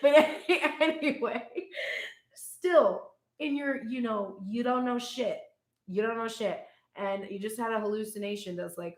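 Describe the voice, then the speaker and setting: A woman's voice: fairly high pitch, a little slow. A young woman reading tarot in a casual, irreverent and profane way, laughing as she tells stories. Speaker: tarot reader. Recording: echoey room.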